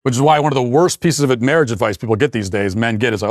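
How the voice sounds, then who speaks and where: A man's voice: mid-range voice, fast, no room sound, studio quality. A man hosting a show and delivering a blunt, emphatic opinion monologue in a lecturing tone. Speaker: political commentator hosting a show.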